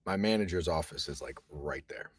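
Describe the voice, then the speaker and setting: A man hosting a casual sports betting chat from an office booth, talking loosely and profanely, rambling, at times hushed and at times loud. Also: extremely low pitch, moderate pace, breathy edge. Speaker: sports betting podcast host.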